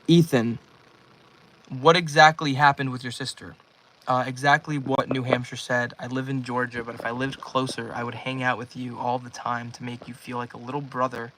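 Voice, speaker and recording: A man's voice: mid-range voice, a bit bright. A nineteen-year-old man livestreaming from his bedroom, rambling casually and thanking viewers by name as he reads out chat.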